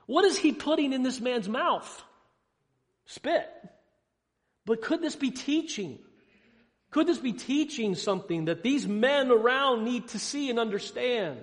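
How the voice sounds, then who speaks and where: Male preacher, high register, dramatic questions and hushed drops, in a room with a long echo. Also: expressive, unhurried. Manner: asks rhetorical questions, swings between loud emphasis and hushed lows. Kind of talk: sermon. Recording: long hall reverb.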